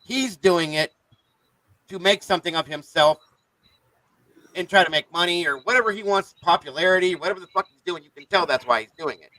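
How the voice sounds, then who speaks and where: Man, live-stream host, irritated profane rant, bright tense tone, dry close sound. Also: high-pitched, no echo, low-quality recording.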